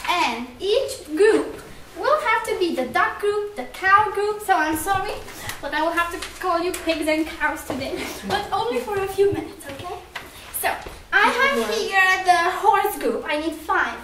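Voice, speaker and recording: A woman trainer running a volunteer workshop, brisk and friendly as she sorts people into groups. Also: extremely high pitch, expressive, sharp tone. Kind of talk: workshop instruction. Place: training room. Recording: echoey room from far off, background noise.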